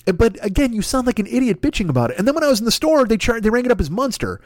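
A man's voice: very high voice, sing-song, racing, darkish tone, no room sound. A man hosting a podcast, ranting in exasperated comic bursts full of profanity. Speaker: podcast host. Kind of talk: comedic rant. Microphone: podcast microphone.

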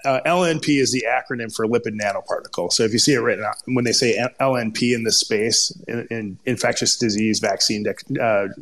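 A man's voice: medium pitch, a little fast, few pauses, fairly bright tone, a little hiss or hum. A man with a Minnesota accent presenting technical material off the cuff, often stumbling and restarting over jargon. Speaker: guest researcher presenting. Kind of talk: ad-libbed presentation on a panel talk.

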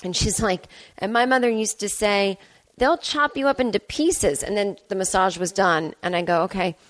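Alone on her podcast at home, a woman narrates a comedic anecdote that mocks herself, voicing each side of the dialogue. Her pitch is medium and her speed ordinary.

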